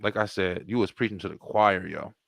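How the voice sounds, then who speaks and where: A middle-aged man hosting a podcast, telling stories in an animated, profane way. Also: low-pitched, fairly quick, gravelly, no room sound. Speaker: podcast host. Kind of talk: casual podcast chat.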